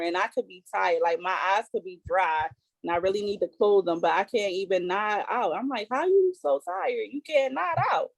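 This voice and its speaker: On a casual podcast, a co-host in her thirties speaks as a mother at medium pitch, the low-quality recording free of room sound. She's candid and emotionally open yet halting, often using fillers and restarting.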